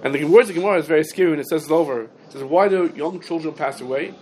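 Rebbe, slightly high voice, sing-song lecture cadence, faint room noise, fields student questions. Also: male voice, very fast, a little mellow. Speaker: Talmud teacher giving a class. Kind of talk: yeshiva-style halacha lecture.

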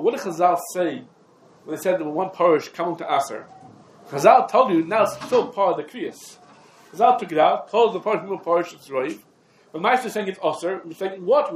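A man teaching a lecture on religious law, in quick clipped phrases with repeated fillers like "come on" and "over here". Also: sits high. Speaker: Talmud teacher. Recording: echoey room with faint background noise.

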